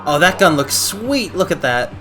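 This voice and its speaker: A man streaming a video game, rambling casually and breaking into quick exclamations. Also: high voice, very animated, music in the background. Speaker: livestreamer playing a video game. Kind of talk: casual gameplay commentary.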